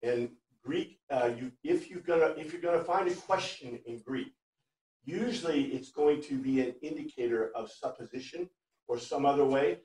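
A man teaching a Bible class, chatty and animated, reading Greek phrases word by word for his students. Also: mid-range voice, normal speed. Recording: echoey room, far from mic.

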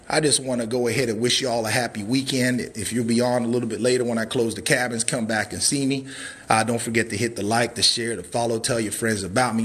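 A man's voice: medium pitch, fairly bright tone. A man hosting a live cabin sales walkthrough, a hyped, catchphrase-heavy showman who whoops and throws in drawled "baby" asides. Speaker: cabin salesman and livestream host.

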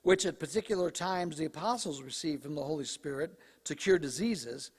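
A man preaching a sermon as pastor in a conversational, joking way, his voice slightly hoarse as he clears his throat. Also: a little high, animated, normal speed. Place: church sanctuary. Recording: live church recording with long reverb.

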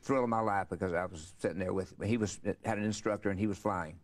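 A man's voice: fairly low pitch, fairly even intonation, fast. An older man, telling rambling, folksy stories as an interview guest. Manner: rambling, folksy storyteller with many fillers. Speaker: interview guest, country singer. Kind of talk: casual storytelling interview.

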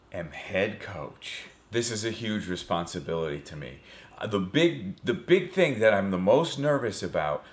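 Rambling man with a lively voice. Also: medium pitch, roomy sound. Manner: self-mocking, rambling with restarts. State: out of breath. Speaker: vlogger. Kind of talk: casual vlog chat. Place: home photo studio room.

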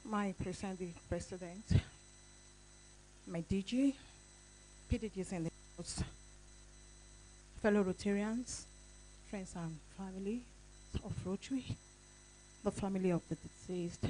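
A woman's voice: mid-range voice, measured pace, long pauses, dark tone, slight background noise, rough recording. A woman with a Nigerian accent giving a tribute speech at an event, telling stories with animation and acting out the voices of others. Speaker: tribute speaker. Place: event hall.

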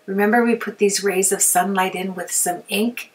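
A woman's voice: mid-range voice, steady tone, moderate pace. A woman hosting a craft tutorial, chatting casually, rambling and talking to herself as she works, with frequent laughs. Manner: rambling, talks to herself while working, laughs often. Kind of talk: chatty hands-on craft demonstration. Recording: voice a bit far from the mic.

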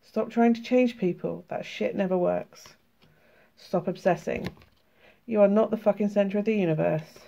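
British woman with a sore throat, gravelly voice, chatty and sweary, bit of a dull lo-fi sound. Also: mid-range voice, moderate pace, mellow. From United Kingdom. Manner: chatty and laughing, swearing freely. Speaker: tarot and oracle card vlogger. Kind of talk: casual card flip-through, reading cards aloud.

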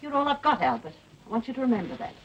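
In a 1960s TV drama, an actress plays a clinging widowed mother who is reproachful and wheedling. She races through her lines in a high, sing-song voice. The audio is dull, with a faint hiss typical of 1960s television.

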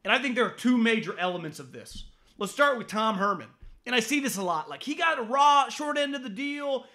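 Blunt, high-voiced sports talk man. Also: animated, brisk. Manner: blunt, profane, stammering restarts; mocks critics in a high shouting voice. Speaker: podcast host.

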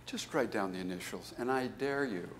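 A man, a business school professor, giving a conference keynote as an animated storyteller who jumps into high, emphatic bursts. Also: moderate pace, slight background noise.

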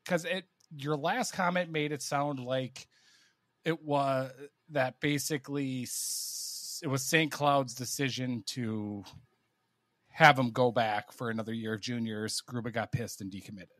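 A man co-hosting a casual sports podcast, recorded dry and close with no room sound. He talks in animated bursts and stumbles over his words as he starts each point. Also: mid-range voice, a little slow, dry recording. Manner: animated, stammering restarts. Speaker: podcast co-host.

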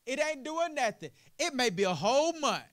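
Man, sermon, animated pitch, call-and-response questions, rises to loud emphatic preaching. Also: normal speed. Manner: rhetorical "what?" prompts, building to loud emphatic preaching. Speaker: pastor.

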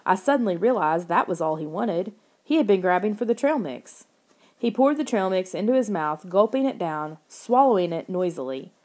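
A woman reads a spooky children's book aloud, steady and expressive. Her voice is mellow and warm, pitched in a middle range for a woman. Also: normal speed. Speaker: audiobook narrator. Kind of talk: scripted first-person narration of a children's horror book.

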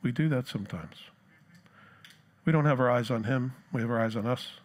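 A man's voice: mid-range voice, a little fast. A man from New Jersey with a New Jersey accent, preaching a sermon in a conversational, self-deprecating way and acting out the disciples' cries. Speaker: pastor.

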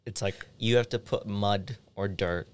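A man's voice: on the low side, measured pace, smooth. Laid-back young man telling stories. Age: young adult. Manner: laid-back storytelling, laughs often. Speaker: podcast co-host. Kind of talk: casual chat. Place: podcast studio.

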